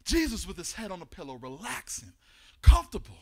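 A man preaching a sermon, building to shouts in a chanting cadence, with casual slang. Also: high voice, huge pitch swings, fairly quick.

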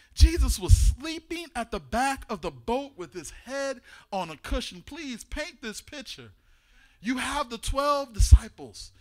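Male preacher, high and bright, very lively delivery, shouts and chants, casual slang. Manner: animated, builds to shouting, chanting cadence. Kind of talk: sermon.

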